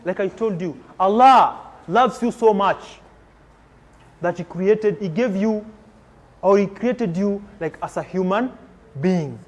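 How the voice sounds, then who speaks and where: A man giving an energetic motivational talk to students in a school hall, leading call-and-response chants. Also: high-pitched, slow. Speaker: motivational speaker. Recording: reverberant hall with crowd.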